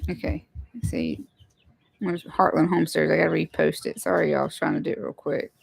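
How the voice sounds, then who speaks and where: A woman's voice: sits low, steady tone, brisk, creaky, breathy edge, dry recording. A woman, chatting casually with viewers while hosting a home livestream. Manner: chatty, greets viewers, apologizes for tech trouble. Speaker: livestream host, homesteader.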